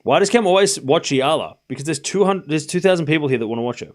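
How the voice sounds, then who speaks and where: Lively Australian man calling tennis. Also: on the high side, quick pace. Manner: banters with chat between calling points. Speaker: streamer and match commentator. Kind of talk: live watchalong commentary, chatting with viewers.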